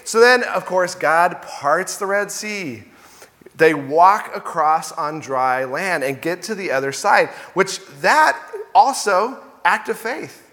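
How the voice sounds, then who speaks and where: Bright-voiced preacher in an echoing hall. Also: male voice, sits high. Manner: conversational, acts out quoted complaints. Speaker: pastor. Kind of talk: sermon. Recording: long hall reverb.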